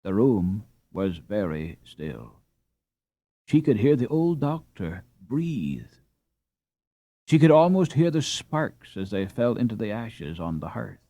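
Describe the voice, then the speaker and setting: A man narrating a classic children's novel in a measured, expressive storytelling manner. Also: lowish voice, dry recording. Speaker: audiobook narrator. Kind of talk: scripted narration.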